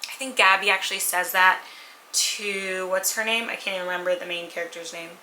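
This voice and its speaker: Candid woman chatting about books, super bright voice, roomy echo. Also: mid-range voice, brisk, a little hiss or hum. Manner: candid, animated, acts out characters' lines. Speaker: book vlogger. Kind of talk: casual chatty book review. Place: at home with a purring cat nearby.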